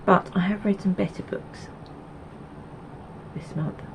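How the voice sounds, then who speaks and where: A woman's voice: mid-range voice, fairly even intonation, slow pace, gravelly, a little hiss or hum, rough recording. A woman from Essex, hosting a knitting video podcast in a rambling, chatty way with many ums and asides. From Essex, England. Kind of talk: casual chat to camera.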